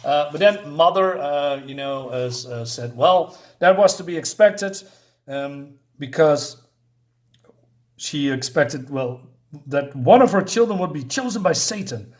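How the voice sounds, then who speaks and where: Speaking a little high and with animation, a man walks through a comic book's panels in a casual review. He halts often, restarts, leans on filler words, and chuckles at his own side comments.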